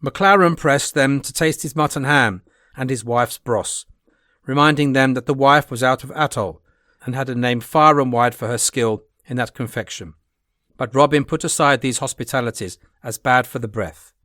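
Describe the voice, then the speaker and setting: A man reading a classic adventure novel aloud as an audiobook narrator, with a plain, steady delivery. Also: mid-range voice, moderate pace, no echo, studio quality.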